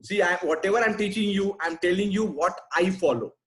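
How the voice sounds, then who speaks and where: Male sales trainer, slightly raised pitch, blunt emphatic delivery over a video-call mic. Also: brisk, poor audio. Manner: blunt, emphatic, repeats "right?" and "simple". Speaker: sales trainer answering questions. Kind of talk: webinar Q&A.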